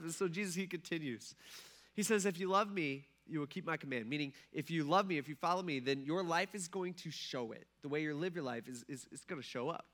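Man, young pastor, casual sermon, animated, bright forceful voice. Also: fairly high pitch, quick pace. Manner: animated, acts out quoted dialogue, laughs often.

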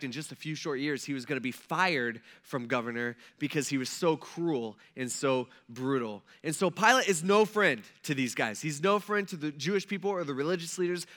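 A man preaching a sermon in a conversational, animated way, acting out the people he tells about. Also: on the high side, moderate pace. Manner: conversational, animated, acts out quotes. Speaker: pastor.

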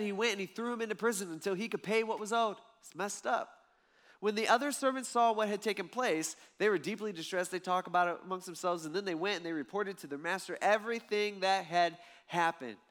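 A man with a high voice delivers a sermon in a conversational, animated style. He swings from loud, punchy lines to low, quiet asides, keeping the talk lively. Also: a little fast. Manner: animated, conversational preaching with dramatic swings in loudness. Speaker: pastor.

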